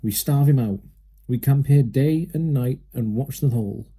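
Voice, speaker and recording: A man's voice: medium pitch, moderate pace, warm tone, slightly rough. A man playing a tall, skinny, cruel farmer who snarls and schemes in a storybook reading. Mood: scheming.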